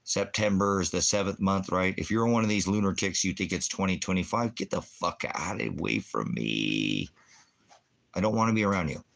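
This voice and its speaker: Hosting a ministry livestream, this man has a low, fairly bright voice with vocal fry and speaks expressively at a moderate pace. He's profane and mocking, insulting people in the chat while swinging between crude humor and scripture.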